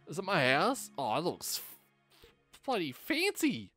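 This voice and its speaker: A man giving excitable, casual let's play commentary, exclaiming, swearing and laughing often. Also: sits high, slow, soft background music. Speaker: gaming streamer.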